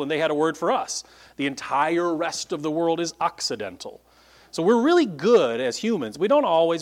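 A man preaching a relaxed teaching sermon in a mid-range voice, explaining each point step by step. He keeps checking in with the room by asking "right?" and "okay?" as he goes. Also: medium pitch. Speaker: pastor. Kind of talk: conversational Bible-teaching sermon. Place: church meeting room with a congregation.

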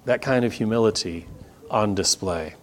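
A male pastor preaching a sermon in a church in a relaxed, conversational way, with chuckles and casual asides to the congregation. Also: on the low side, normal speed. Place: church sanctuary.

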